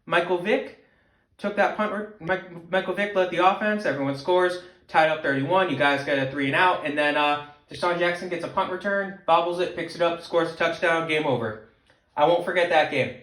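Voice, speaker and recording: A man's voice: on the high side, normal speed, fairly bright tone, roomy sound, low-quality recording. A young man delivering a heated sports fan rant, mocking and emphatic, with frequent repetition. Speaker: sports vlogger.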